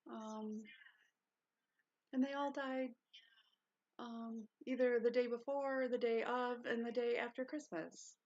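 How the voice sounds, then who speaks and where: A woman hosts her own livestream from indoors at home, keeping her voice low and soft as she rambles along unhurried. Her voice is gravelly and a little husky, sitting at an ordinary middle pitch. The stream audio sounds dull and lo-fi. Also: fairly even intonation. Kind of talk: casual livestream chat.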